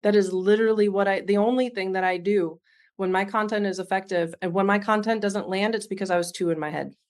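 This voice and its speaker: A woman's voice: mid-range voice, fairly even intonation, fairly quick. A woman in her thirties giving a heartfelt, earnest business coaching talk, speaking straight to her listeners.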